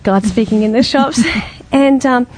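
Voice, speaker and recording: Woman telling a lively story. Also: a little high, a little slow, rough recording. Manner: lively, laughs often, acts out quoted voices. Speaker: group member sharing a testimony. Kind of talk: casual personal storytelling.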